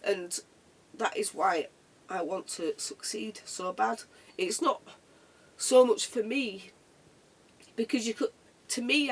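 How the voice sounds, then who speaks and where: Vlogger talking from the heart, raspy husky voice, repeats stuff, sounds a bit far off the mic. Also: medium pitch. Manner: earnest, reflective, repeats phrases. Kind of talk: heartfelt motivational monologue.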